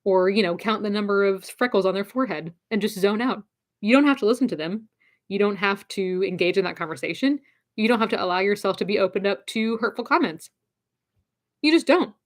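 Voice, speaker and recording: A woman's voice: medium pitch, fairly quick. A woman giving casual advice in an encouraging, direct way, repeating her key phrases.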